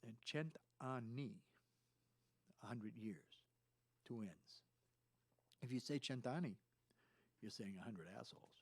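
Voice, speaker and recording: A man's voice: on the low side, moderate pace, pauses often, darkish tone, slightly rough. A man hosting a casual chat, telling rambling anecdotes. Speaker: host.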